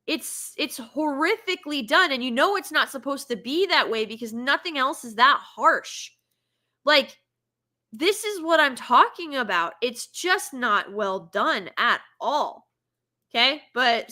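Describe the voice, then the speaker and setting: A woman's voice: on the high side, bright, forceful tone. A woman giving a casual film reaction review, sarcastic and exasperated as she rants.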